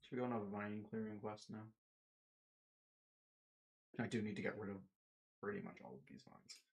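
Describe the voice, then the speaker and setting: A man's voice: fairly low pitch, steady tone, moderate pace, creaky, slightly rough. A man giving casual, rambling commentary while playing a building game, talking to himself and slipping into silly put-on voices.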